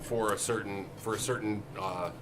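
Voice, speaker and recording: A man's voice: lowish voice, fairly even intonation, normal speed, noisy background. A man co-hosting a casual music shop Q&A, loose and joking, swearing casually. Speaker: co-host of a music shop Q&A show. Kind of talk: casual chat.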